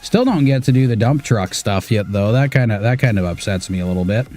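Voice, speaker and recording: A man's voice: fairly low pitch, lively intonation, a little fast, warm tone, soft background music. Laid-back man narrating his gameplay. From Washington State. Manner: laid-back, muttering to himself, swears casually. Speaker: gaming streamer. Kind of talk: casual gameplay commentary.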